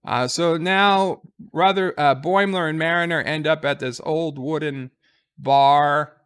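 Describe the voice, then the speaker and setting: A man's voice: fairly high pitch, steady tone, unhurried, a bit bright, smooth. A man casually recapping a TV episode as a reviewer, rambling with fillers and quoting lines.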